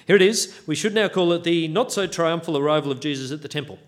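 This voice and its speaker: A man's voice: on the high side, fast talker. A man preaching a sermon, walking through a Bible passage with wry, self-deprecating humour.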